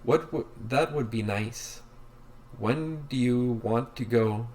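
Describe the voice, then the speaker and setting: Male reader, beginner English lessons: slow, deliberate, plays both speakers. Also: mid-range voice, darkish tone. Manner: reads both sides of each dialogue, very slow and evenly spaced. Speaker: English teacher reading practice dialogues. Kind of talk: slow scripted reading of beginner dialogues.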